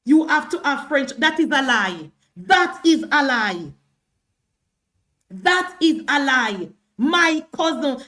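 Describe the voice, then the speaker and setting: A woman's voice: high-pitched, a bit bright. A Jamaican woman hosting a political livestream, arguing heatedly, repeating herself and stammering as she presses her point. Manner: argumentative, repeats herself, stammers when worked up.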